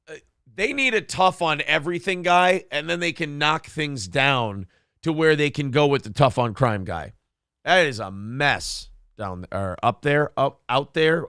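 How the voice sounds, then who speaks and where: A man runs a casual live-stream morning show, joking and rambling as he reads viewer comments aloud. His voice sits a little high and comes through smooth and resonant. The sound is dry and close, with no room echo. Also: fairly bright tone. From Minnesota. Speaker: show host.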